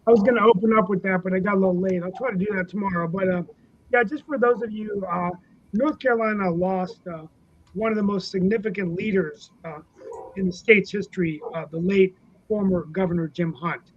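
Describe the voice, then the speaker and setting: A man co-hosting a political talk show, reminiscing casually about a late politician, with many pauses and fillers. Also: high voice, slight background noise. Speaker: co-host, city councilman. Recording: dull lo-fi sound.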